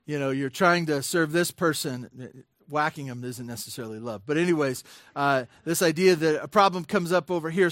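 A pastor preaches in an easy, conversational way, full of fillers and restarts, then presses his key points with emphasis. His voice sits a bit high for a man. The sound is close and dry, with no room echo. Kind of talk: sermon.

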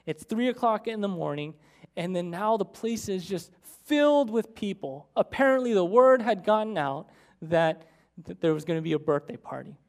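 A preacher telling a story in a sermon, with animated, dramatic storytelling. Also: mid-range voice, moderate pace.

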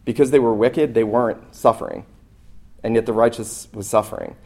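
An earnest male pastor delivering a Sunday sermon. He preaches with emphasis, voice at an ordinary middle pitch, and answers his own rhetorical questions. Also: fairly quick, vocal fry, mellow.

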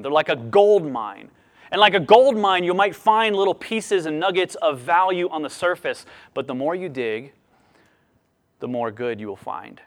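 High-voiced man preaching a sermon. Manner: expressive preaching, lively rises and drops. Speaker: pastor.

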